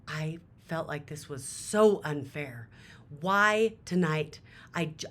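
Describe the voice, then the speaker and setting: A woman's voice: a bass voice, a little hiss or hum. A woman giving a motivational talk, telling a story dramatically and emphatically, with her voice climbing sharply at emotional peaks. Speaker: motivational speaker.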